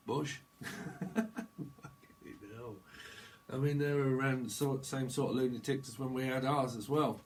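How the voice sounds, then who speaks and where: A man's voice: medium pitch, darkish tone, a little hiss or hum, rough recording. A man giving a rambling tarot reading, swearing and laughing as he talks. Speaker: tarot reader. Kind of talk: casual tarot reading monologue.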